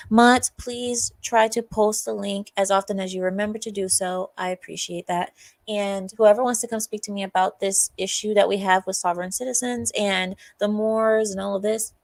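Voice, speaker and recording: A woman's voice: mid-range voice, no echo. A woman hosting a livestream, reacting to a video and talking to her viewers in a mocking, chatty way, often laughing. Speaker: livestream host.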